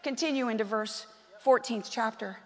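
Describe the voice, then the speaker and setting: A woman pastor delivering a sermon in an animated, conversational way, with bursts of emphasis. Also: fairly high pitch, moderate pace. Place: church sanctuary. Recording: long reverb of a large hall.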